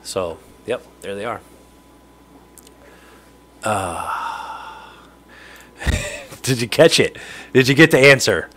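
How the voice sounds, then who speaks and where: A man's voice: medium pitch, expressive, slow, long pauses, a bit bright. A middle-aged man hosting a casual livestream from his home fishroom, rambling along as he answers viewer chat and chuckles now and then. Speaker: livestream host.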